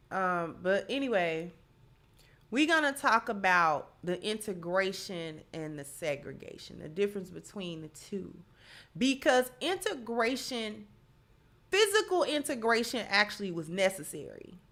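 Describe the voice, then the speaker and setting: A woman's voice: mid-range voice, fairly bright tone. A woman hosts a live stream in a chatty, emphatic way, greeting viewers one by one. Her nose is stuffy from allergies, which gives her voice a blocked, congested sound. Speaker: channel host. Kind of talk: live-stream talk, reading viewer comments.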